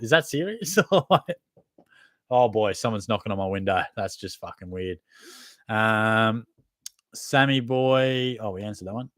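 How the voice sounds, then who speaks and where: A man's voice: medium pitch, a bit bright, no room sound. An Australian man hosting a casual live-stream Q&A, reading chat questions aloud in a laid-back, jokey way, laughing often and swearing casually. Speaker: fantasy footy livestream host. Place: at home.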